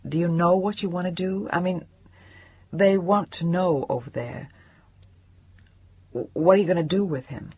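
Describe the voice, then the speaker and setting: A woman's voice: on the low side, normal speed, long pauses, darkish tone, breathy edge, muffled recording. A woman narrator voicing an awkward, helpful man who stumbles over his words.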